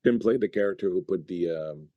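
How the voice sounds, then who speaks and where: Deep-voiced hoarse man narrating as game master. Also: no echo, highs cut off. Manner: slow, measured narration with pauses. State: hoarse, losing his voice. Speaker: dungeon master.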